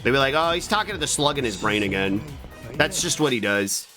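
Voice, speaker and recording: A man with a mid-range, expressive voice streams a video game, talking fairly quickly. His casual commentary is full of crude jokes and swearing, with game music playing behind him.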